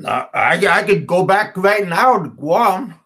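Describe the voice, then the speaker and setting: A man hosts a relaxed livestream, reading out comments from his chat and answering them as he goes. His voice sits a touch high for a man. He talks slowly and haltingly, repeating words and starting sentences over, with a chuckle now and then. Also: breathy edge. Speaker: livestream host.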